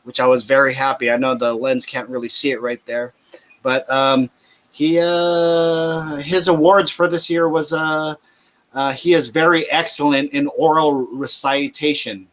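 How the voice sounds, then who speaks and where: A podcast host in his thirties with a bright, forward tone. He rambles loosely through shout-outs, swearing freely in a relaxed, chatty way. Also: on the high side, measured pace. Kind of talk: casual chat.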